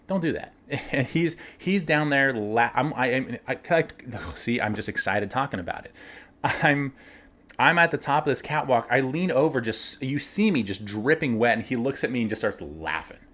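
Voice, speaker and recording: A man casually telling workplace stories, animated, laughing now and then and acting out the lines of others. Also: medium pitch. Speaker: winery cellar worker telling stories. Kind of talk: casual storytelling.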